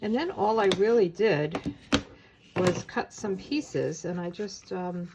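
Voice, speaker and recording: A woman giving a casual, chatty step-by-step craft tutorial, talking as she works with her hands and often pausing on filler words. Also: on the low side, lively intonation, background noise. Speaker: papercraft demonstrator.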